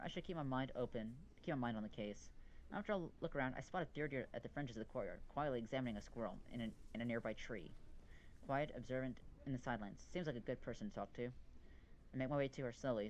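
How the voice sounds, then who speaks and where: A man's voice: medium pitch, fast, slight background noise, low-quality recording. A man reading a visual novel aloud as narrator, wry and now and then stumbling over words. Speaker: let's play reader.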